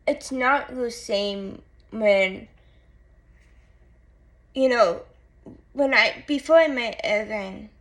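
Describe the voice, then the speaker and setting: A woman vlogger talking to camera in casual chat, tearful and halting, often repeating herself. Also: a little high.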